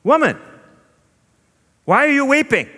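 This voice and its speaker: A man's voice: very high-pitched, very animated, a little slow, sharp tone, pitched above the performer's own voice, heavily acted. A man voicing a playful, teasing Jesus, speaking with laughter in his voice. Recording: long hall reverb.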